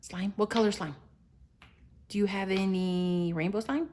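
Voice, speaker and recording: A woman's voice: medium pitch, fairly even intonation, a little slow, darkish tone, a little hiss or hum. A young mother encouraging her toddlers at the table at home, cheerful and sing-song, sometimes dropping to a whisper. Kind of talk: casual home video with children.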